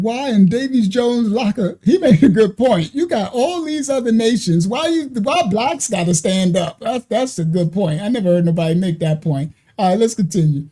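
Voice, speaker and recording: A man's voice: high voice, expressive, normal speed, dark tone. A man hosting a religious channel, chatting and laughing through reaction commentary with preacherly asides.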